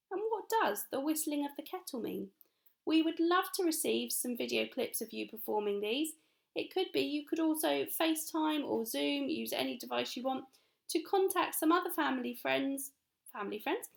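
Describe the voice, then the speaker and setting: Upbeat English woman teaching young children. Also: high voice. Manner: upbeat, encouraging, speaks slowly and clearly to children. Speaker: primary school teacher. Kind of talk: recorded home-learning lesson for young children.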